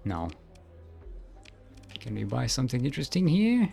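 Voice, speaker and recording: A man's voice: medium pitch, big pitch swings, moderate pace, vocal fry, warm tone. A man streaming a game, thinking aloud in casual commentary and humming to himself.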